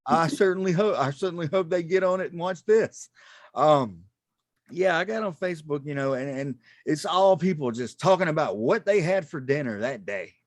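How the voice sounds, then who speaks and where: A man's voice: fairly high pitch, animated, normal speed, dry recording. A man doing a rambling, self-mocking stand-up comedy set over a video call, laughing at his own jokes.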